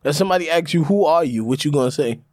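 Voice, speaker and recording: A loud, animated man, co-hosting a casual podcast and coaching his friend. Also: on the high side, fast, dry recording, clean studio sound. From Brooklyn, New York. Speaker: podcast co-host. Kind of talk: casual chat.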